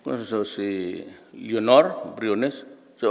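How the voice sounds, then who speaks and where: Man in his 70s, guest speaker, storytelling speech, rambling, lively pitch, echoey hall. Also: measured pace, gravelly. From Philippines. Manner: rambling, storytelling, mixes languages. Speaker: guest speaker at an alumni event. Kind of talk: anecdotal speech.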